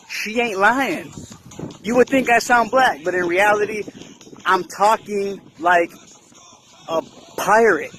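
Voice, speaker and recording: A man talking in a casual, explanatory way, with a high-pitched voice. He speaks slowly and keeps throwing in "right?" to check that the listener is following. Faint background noise sits under his voice. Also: fairly bright tone. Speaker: video commentator.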